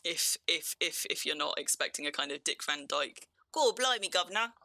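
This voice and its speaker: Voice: mid-range voice, flat delivery, normal speed, creaky, sharp tone, dry recording. A game streamer from England with a near-RP southern English accent, chatting casually through play, laughing often and restarting sentences. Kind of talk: casual live-stream commentary.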